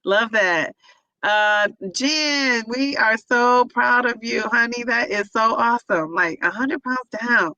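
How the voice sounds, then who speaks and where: A woman's voice: fairly high pitch, measured pace, sharp tone, no echo, lo-fi sound. A woman hosting a casual livestream, reading viewers' comments aloud and cheering each of them on by name.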